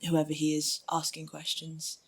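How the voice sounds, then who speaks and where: A stage actor calmly describing themselves and their roles for an audio introduction, pausing often on fillers. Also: medium pitch, breathy edge. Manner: unhurried, with frequent fillers.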